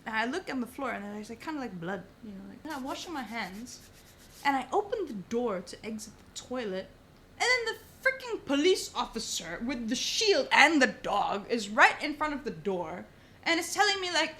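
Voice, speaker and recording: A young woman, a podcast guest, telling a story in casual chat, animated and swearing often. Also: fairly high pitch, moderate pace, a little hiss or hum. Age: young adult. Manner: animated, swears a lot, says "bro" often.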